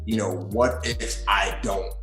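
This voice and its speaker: A man from western Africa who grew up in New York, telling his story as a podcast guest in an animated way with many restarts. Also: fairly low pitch, slow pace, echoey room, faint music behind. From western Africa, raised in New York City. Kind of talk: storytelling in a casual interview.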